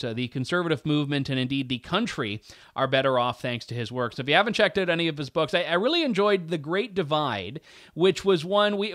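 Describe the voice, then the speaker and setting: A man's voice: fairly high pitch, a bit bright, no room sound, studio quality. A man hosting a talk show, thanking his guest earnestly and signing off to listeners. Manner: earnest, with frequent small restarts. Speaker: show host. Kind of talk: interview and show sign-off.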